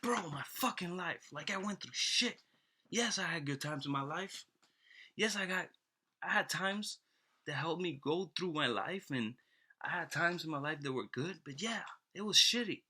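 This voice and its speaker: A man's voice: medium pitch, moderate pace, sharp tone. A man voicing an exasperated, swearing man newly arrived in heaven who keeps demanding answers. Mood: upset. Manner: swearing, incredulous, pushy.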